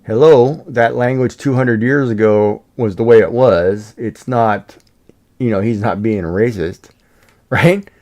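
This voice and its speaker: A man's voice: mid-range voice, takes it slowly, darkish tone. A man streaming and chatting casually, rambling with lots of fillers and restarts. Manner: rambling, many "you know" fillers and restarts. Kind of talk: casual live-stream chat.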